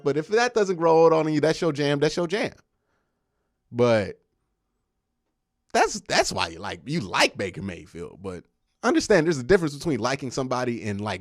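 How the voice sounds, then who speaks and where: Animated man ranting on a live stream. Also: medium pitch, no echo, studio quality. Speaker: streamer reacting to news and chat. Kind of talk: casual live-stream commentary.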